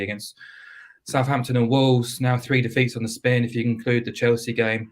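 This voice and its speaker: A man breaks down football betting odds on a podcast. His voice sits low and stays fairly level. He talks in a measured way, stacks up statistics and often restarts mid-sentence. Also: a bit bright. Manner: measured, stats-heavy, with frequent restarts. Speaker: betting tipster. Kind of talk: podcast analysis.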